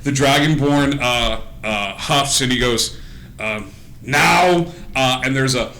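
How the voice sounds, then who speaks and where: A man's voice: medium pitch, steady tone, unhurried, sharp tone. A man acting as game master of a live-streamed tabletop game, narrating in an improvised, rambling way full of fillers like "uh" and "like". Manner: rambling, filler-heavy, laughs between lines. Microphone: streaming mic.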